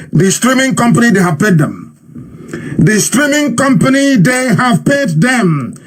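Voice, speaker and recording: A man's voice: high-pitched, breathy edge. A man with a Nigerian accent giving an impassioned live radio broadcast, mocking and repeating himself for emphasis.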